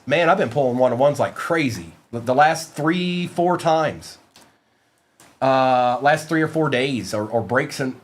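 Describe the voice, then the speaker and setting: A man hosting a live card-break stream, calling out cards while chatting and joking with his viewers. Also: medium pitch. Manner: joking, playful asides to chat.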